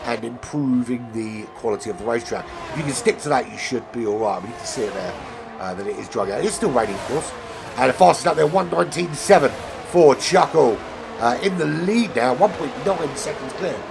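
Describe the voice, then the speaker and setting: A man with a cold and a nasal voice, commentating an online sim racing league, rambling into asides and getting excited during close battles. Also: mid-range voice, brisk, gravelly. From not American. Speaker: race commentator. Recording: game music and engine noise behind. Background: racing game audio and music.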